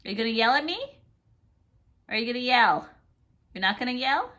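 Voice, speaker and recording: A woman talks to her pet bird at home in a bright, lively voice that swoops from high to low. She coaxes, teases and scolds it gently in doting baby talk. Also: a little fast, pauses often. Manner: playful sing-song scolding, coaxing baby talk. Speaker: pet owner filming her parrot. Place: home indoors, by a fireplace.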